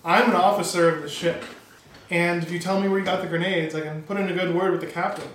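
A man's voice: high-pitched, steady tone, quick pace, fairly bright tone. A man playing his character in a tabletop game, blunt and teasing. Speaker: player. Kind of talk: in-character play, casual. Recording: echoey room with noise.

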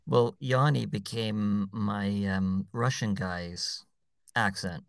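A man's voice: on the low side, steady tone, slow, vocal fry, dry recording. A man in his fifties talking casually, telling stories in a dry, matter-of-fact way. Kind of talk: casual chat.

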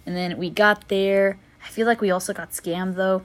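A woman's voice: medium pitch, normal speed. Chatty young woman telling stories. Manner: animated storyteller, acts out quotes with gasps and laughs. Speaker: podcast co-host. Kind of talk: casual chat.

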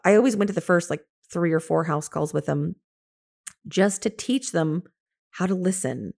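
A woman in her fifties, an interior designer and coach, telling stories from her career in an animated way, laughing often and acting out what she said to others. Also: lowish voice, moderate pace, vocal fry. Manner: animated, laughs often, quotes herself in lively asides. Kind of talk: casual storytelling.

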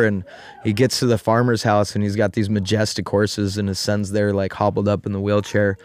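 Low-voiced rambling man telling a story. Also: level tone, normal speed, no room sound. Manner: rambling, heavy on "like" and "you know", casual swearing. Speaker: podcast host. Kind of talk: casual storytelling chat.

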